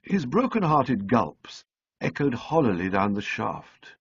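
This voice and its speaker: Gravelly, expressive male audiobook narrator. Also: mid-range voice, no room sound, lo-fi sound. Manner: measured, dryly comic storytelling.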